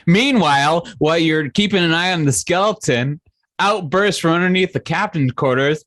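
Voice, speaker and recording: A man running a tabletop game as game master, with a quick, easygoing manner. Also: on the high side, a bit bright, no echo.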